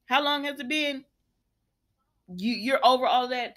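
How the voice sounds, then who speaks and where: A woman hosting a casual recap vlog, talking straight to her viewers in an animated, sassy way. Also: high-pitched, measured pace. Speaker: soap opera recap host.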